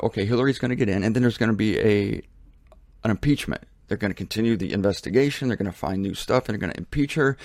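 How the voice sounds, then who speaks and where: A man hosting his own show, talking in a casual opinion monologue from a laundry room, emphatic and repetitive, with sudden jumps to a high pitch. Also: gravelly, darkish tone, no echo. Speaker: show host.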